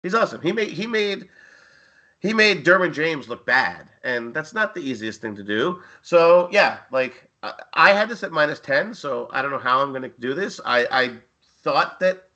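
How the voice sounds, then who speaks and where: Man, co-host, casual sports chat, rambling, jokey, bright voice, muffled lo-fi sound. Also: a little high, lively intonation, normal speed. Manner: rambling, jokey, lots of fillers.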